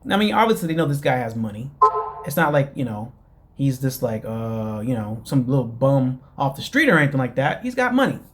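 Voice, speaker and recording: A man's voice: medium pitch, big pitch swings, brisk. A man casually recapping a reality show, rambling with lots of fillers and mocking asides.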